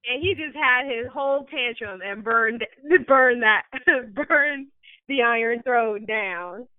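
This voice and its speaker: A woman chatting casually about a TV show, animated, laughing and acting out quotes. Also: fairly high pitch, slow pace. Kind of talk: casual chat. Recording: tinny phone-like line.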